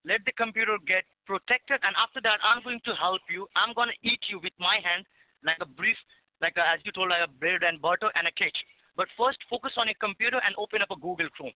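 A man's voice: high voice, fast talker. A man on a phone call, pleading and repeatedly saying "madam". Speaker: scam caller. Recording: tinny phone line.

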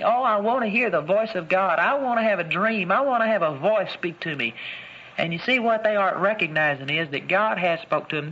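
A man teaching a Bible lesson in an emphatic preaching style, repeating key phrases and slowing down to stress words. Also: sits high, sharp tone, highs cut off.

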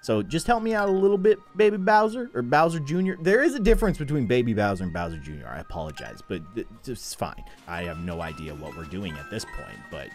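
A man hosting a gaming video, giving excitable, jokey play-by-play commentary and exclaiming often. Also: fairly low pitch, fast talker, hardly any pauses, soft background music. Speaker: YouTube gaming host. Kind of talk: gameplay commentary.

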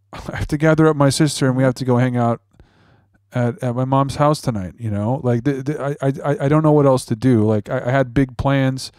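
A man's voice: mid-range voice, dry recording, clean studio sound, lightly acted. A man playing a panicky adult son who stammers and repeats himself during a scam-bait call.

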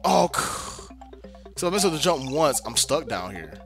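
A young man's medium-pitched, creaky voice is very animated yet keeps a measured pace as he gives casual commentary on a video game. He's a talkative let's-play gamer who mutters exasperatedly to himself in a playful drawl, with game music playing.

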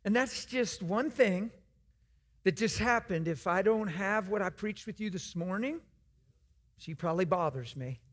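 A man's voice: high-pitched, expressive, measured pace. A man preaching in a church, telling a story in an earnest, conversational way. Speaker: guest preacher. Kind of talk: storytelling sermon.

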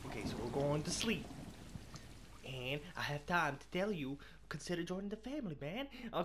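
Excitable man swearing through a game. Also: fairly high pitch, moderate pace. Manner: excitable, swears a lot, slangy with bro and man. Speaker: gaming channel host. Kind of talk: let's play commentary. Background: game music.

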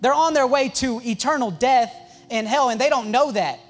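A young man, a youth pastor, telling stories in an excitable, joking sermon full of quick asides and restarts. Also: very high voice. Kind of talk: storytelling sermon.

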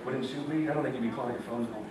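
A man's voice: mid-range voice, racing, background noise. A young American man preaching a campus sermon, playful and joking, laughing often and acting out voices. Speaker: campus ministry speaker. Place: meeting hall with audience. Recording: echoey hall, mic far off, audience.

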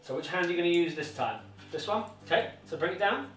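A British man coaches a toddler at tennis with a high voice, lively intonation and a fairly bright tone, talking quickly. He's encouraging and sing-song, repeating instructions often; the room echoes, the mic is far off, and faint music plays.

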